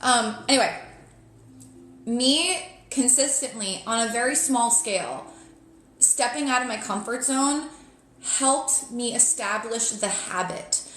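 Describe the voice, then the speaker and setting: A woman's voice: on the high side, takes it slowly, a bit bright, roomy sound. A woman in her thirties with a New Jersey accent, giving a live tarot reading in a chatty, blunt way. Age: 30s. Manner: chatty, blunt, laughs often, lots of "like". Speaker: tarot reader.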